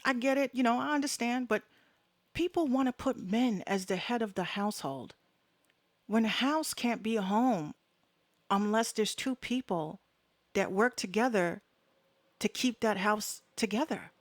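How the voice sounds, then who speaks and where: A woman hosts her own podcast, talking solo and casually in a slightly high voice at a somewhat slow pace, with no room sound. Her opinions are blunt and fired up, delivered in frank, slangy talk full of swearing.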